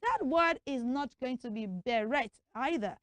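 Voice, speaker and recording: A young woman presenting a children's TV lesson, coaxing answers in a lively call-and-response way. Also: sits high, moderate pace, dry recording.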